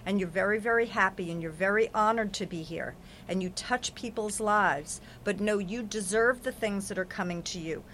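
Lady giving a psychic reading, repeats herself a lot, soft background noise. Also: medium pitch, moderate pace. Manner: earnest, affirming, repetitive. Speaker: psychic reader. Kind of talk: spiritual reading on a podcast.

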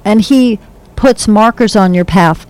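A woman working as a psychic medium, talking in a gentle, soothing way with a rambling flow in a studio. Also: mid-range voice, unhurried, rough recording. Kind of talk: spiritual reading, casual chat.

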